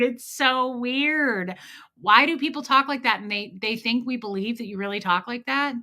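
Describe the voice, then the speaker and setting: A livestream host chats casually over a home streaming mic, sarcastic and mocking, cursing freely and calling out viewers by name. Her medium-pitched voice sounds pushed and bright.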